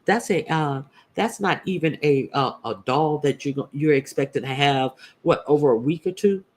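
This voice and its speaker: Blunt man, halting commentary full of fillers. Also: on the high side. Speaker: YouTube commentator host. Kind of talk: casual opinion commentary.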